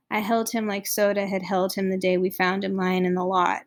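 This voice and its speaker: A woman's voice: mid-range voice, normal speed, hardly any pauses. A woman reading a novel aloud, narrating expressively. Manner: expressive reading, voicing each character. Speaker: audiobook reader.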